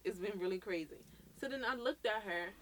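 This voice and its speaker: A woman's voice: medium pitch, brisk. A woman from Brooklyn co-hosting a podcast, telling a story in casual chat, acting out the quotes and swearing freely. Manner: animated, acts out quoted dialogue, swears freely. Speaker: podcast co-host.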